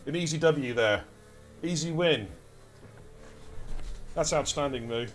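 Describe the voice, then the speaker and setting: A man with an English accent giving lively, chatty live commentary on an esports race and talking to his chat as he goes. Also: fairly high pitch, takes it slowly, slight background noise. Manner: energetic, chatty, addresses chat directly.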